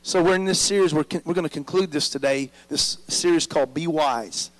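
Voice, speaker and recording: A man's voice: a little high, brisk, rough recording. A man preaching a sermon as pastor, drawing the congregation in with frequent "amen?" prompts.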